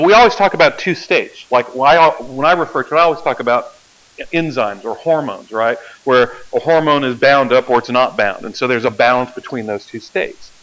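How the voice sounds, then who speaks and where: A man's voice: medium pitch, fairly bright tone. A man teaching a biology class, explaining step by step and often checking that the students follow. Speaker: biology lecturer. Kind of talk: classroom lecture. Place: lecture hall. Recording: dull lo-fi classroom recording.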